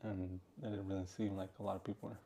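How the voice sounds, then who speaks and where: A man co-hosting a casual podcast, his voice low and mellow. He talks in a laid-back, rambling way and swears freely. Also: flat delivery, fast. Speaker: podcast co-host. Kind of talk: casual chat.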